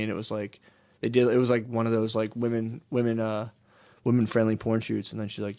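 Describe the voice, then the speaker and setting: A man's voice: medium pitch, steady tone, fast, darkish tone. A young man, co-hosting a podcast in casual chat, talking loosely with lots of "like" and "dude" and plenty of swearing. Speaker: podcast co-host.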